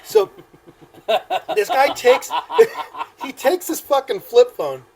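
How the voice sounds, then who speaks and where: A man co-hosting a podcast, telling a story in casual chat, animated and profane, often laughing. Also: very high-pitched, slow. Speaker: podcast co-host.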